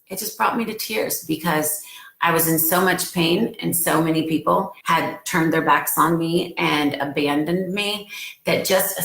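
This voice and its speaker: Earnest, emotional woman with a gravelly voice. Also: deep voice, fairly bright tone, reverberant. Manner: emotional, earnest, gets choked up. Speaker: live streamer. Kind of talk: casual live-stream talk to followers. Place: at home.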